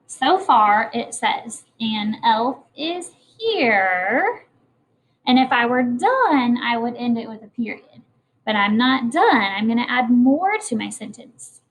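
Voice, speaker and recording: In a fairly high, animated voice and at a slightly slow pace, a woman kindergarten teacher patiently encourages young children through their morning message lesson. The recording quality is low.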